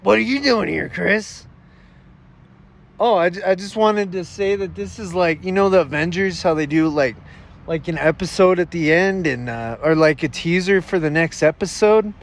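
A man hosting a goofy comedy podcast, excitable and full of slangy banter. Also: high-pitched, moderate pace. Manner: excitable, says dude and bro a lot. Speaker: host.

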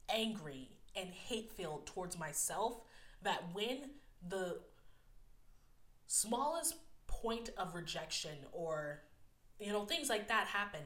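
A woman's voice: lowish voice, a bit bright, reverberant. A woman vlogger talking candidly about herself in an open, self-deprecating way, sometimes tripping over her words. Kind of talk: candid personal reflection.

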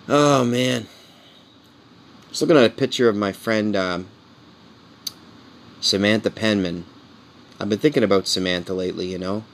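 A man in his forties, a comedian, talking in a casual, candid monologue and tossing in "man" and "you know" as he rambles. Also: lowish voice. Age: 40s. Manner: earnest and heartfelt. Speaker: comedian podcast host.

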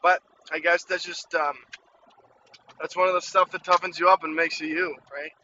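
A man's voice: a little high, level tone, normal speed, pushed and bright, dull audio, a little hiss or hum. A man from Ukraine telling a childhood story in a candid, rambling way, full of "you know" and "like". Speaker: storyteller sharing a childhood memory. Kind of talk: casual personal storytelling.

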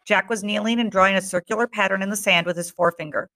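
A woman reading a novel aloud chapter by chapter, narrating steadily and pausing for short asides. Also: medium pitch, steady tone, bright, forceful tone. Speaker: reader.

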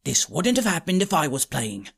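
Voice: mid-range voice, big pitch swings, normal speed, vocal fry, a bit bright, slightly rough, pitched below the performer's own voice, full character voice. A narrator voicing a small, cocky, salty boy hero in an audiobook, sulky and impatient.

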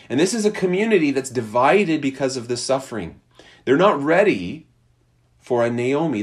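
A man preaching a sermon in a conversational way, acting out quoted lines. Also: medium pitch. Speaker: pastor.

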